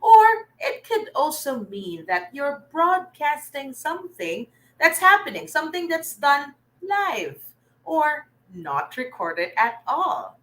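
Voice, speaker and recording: A woman's voice: high voice, big pitch swings, takes it slowly, fairly bright tone, poor audio. A woman teacher, teaching a live online reading lesson and praising students by name.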